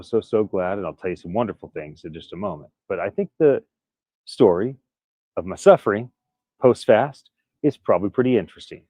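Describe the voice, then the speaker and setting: A man's voice: lowish voice, mellow, dry recording. A man recovering from illness, earnestly telling a personal story to camera in a casual, candid way. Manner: candid, earnest, prone to restarts and little laughs. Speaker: vlogger.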